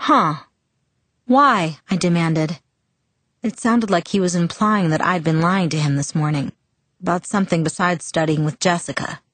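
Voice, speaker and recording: A woman reading a first-person novel aloud in calm, even audiobook narration. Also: lowish voice, normal speed, no echo.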